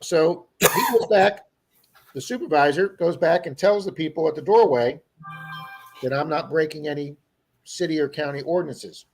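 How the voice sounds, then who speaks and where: Man telling a story, casual and animated. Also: a little high, normal speed, faint music behind. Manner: animated storyteller who acts out quoted people. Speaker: livestream co-host.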